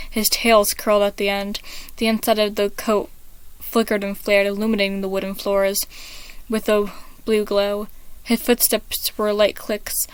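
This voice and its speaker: Woman reading a fanfic out loud, steady, smooth voice, dry sound. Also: mid-range voice, no echo. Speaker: reader of an online fan story. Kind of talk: story read-aloud narration.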